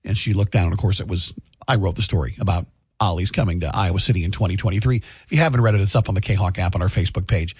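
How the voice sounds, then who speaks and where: Chatty husky-voiced morning radio man. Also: sits low, quick pace, darkish tone, dry recording, studio quality. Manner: chatty, upbeat, tells home stories. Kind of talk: morning radio chat and announcements. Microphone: studio microphone, dry booth.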